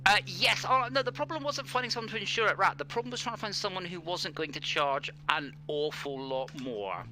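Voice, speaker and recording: A man's voice: sits high, expressive, fairly quick, pushed and bright, slight background noise. A man chatting casually and joking while streaming a racing game. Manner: joking, rambling with fillers. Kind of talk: casual chat while gaming.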